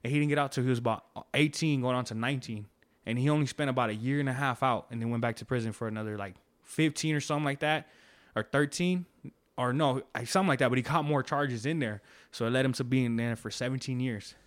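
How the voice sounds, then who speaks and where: A man's voice: mid-range voice, steady tone, fast. A man telling stories in casual podcast chat, slangy and profane, rambling with restarts.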